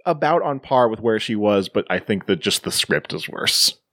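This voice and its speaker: Male podcast co-host, lively pitch, dry close sound, casual movie recap. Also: moderate pace, no room sound. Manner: animated retelling, mimics characters in quoted bits. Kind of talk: casual movie review chat.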